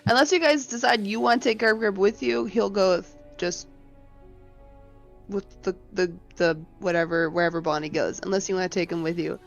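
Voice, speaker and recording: A hesitant player at a tabletop game, with a mid-pitched voice that tends to trail off before finishing a thought. Faint music runs in the background. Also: moderate pace, vocal fry.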